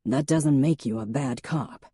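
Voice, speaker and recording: Wry male police chief, steady and deadpan, low voice from a woman narrator, dry recording. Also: measured pace, husky, no room sound, exaggerated voice. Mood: steady, reassuring. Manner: deadpan, patient stare in the voice.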